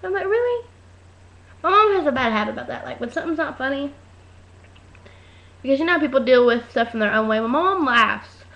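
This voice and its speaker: Woman vlogger, high voice, loud and chatty, tells stories and mimics people; dull webcam audio. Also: lively intonation, fast talker. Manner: chatty storytelling, acts out voices, talks loud. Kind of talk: casual webcam rant. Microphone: webcam mic.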